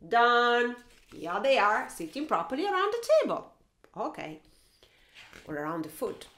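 A woman teacher reading a picture book aloud to children in an animated, playful way, with mouth sounds and sing-song asides. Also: on the high side, unhurried, roomy sound. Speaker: teacher and storyteller.

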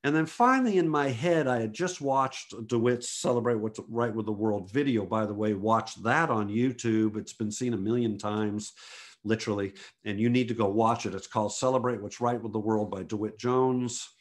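A man from the United States, a photographer giving a motivational talk to an online group, telling stories and acting out what people said with big jumps in pitch. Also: moderate pace. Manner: animated storyteller, acts out quotes with big pitch jumps.

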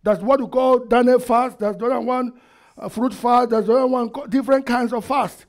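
Male preacher, high and gravelly, slow deliberate sermon delivery with call-and-response to the congregation. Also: fairly even intonation. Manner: reads a prophecy quietly, then builds to shouted exhortation.

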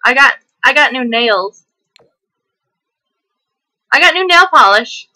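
A woman's voice: sits high, animated, slow, sharp tone, rough recording. A woman hosting a gameplay video, chatting hyperly and laughing often, sometimes slipping into a country twang. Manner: slips into a country twang at times. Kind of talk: casual chat while playing.

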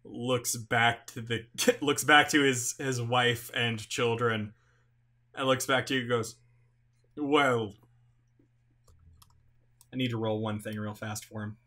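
A man narrates as game master of a tabletop game, his speech unhurried and full of halting restarts. His tone is bright and forward, and he slips into the king's lines without much change of voice. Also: medium pitch, steady tone. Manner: halting, many fillers and restarts, laughs often.

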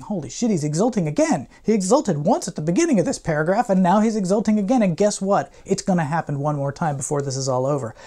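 A man's voice: fairly high pitch, animated, fast, mellow. A male professor giving a classroom lecture in a playful, irreverent way, with slangy asides and theatrical readings of quoted passages.

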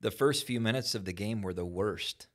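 A man's voice: on the low side, normal speed, a bit bright. A man hosting a church talk show as pastor, telling stories in a folksy, encouraging way. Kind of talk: casual chat.

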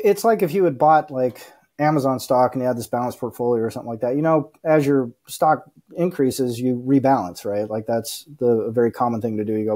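A man's voice: medium pitch, dark tone. A man talking as a podcast guest in casual conversation, rambling with lots of "like" and "you know" and acting out the quoted voices of other people. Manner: rambling, acts out quoted voices, many fillers.

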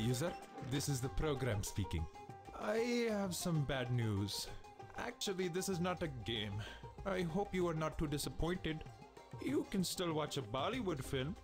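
An actor voicing a prim, easily alarmed game program. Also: male voice, a little high, very animated, unhurried, over music. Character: anxious, touchy game program, male.

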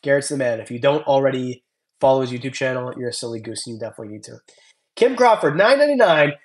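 A man's voice: medium pitch, animated, quick pace. A young man casually chatting on his stream, rambling and thanking viewers by name as he reads their comments. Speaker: reptile channel host. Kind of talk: casual livestream chat reading comments.

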